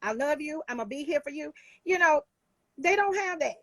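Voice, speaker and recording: Woman, high voice, dry close sound, emphatic, heartfelt, preachy, talk show guest. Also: expressive, normal speed, fairly bright tone, no echo. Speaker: guest life coach. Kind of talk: casual talk show chat.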